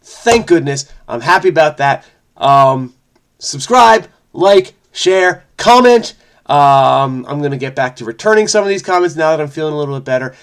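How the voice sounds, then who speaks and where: A man's voice: fairly high pitch, expressive, normal speed, clean tone. A man hosting a crossword video, chatting in a frenetic, rambling way and often interrupting himself. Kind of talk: casual solo commentary.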